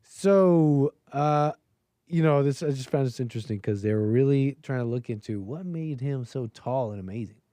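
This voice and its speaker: A man's voice: medium pitch, expressive, moderate pace, dark tone, no room sound. A male talk show host casually reading an article aloud and breaking off for sarcastic, mocking asides, with frequent chuckles.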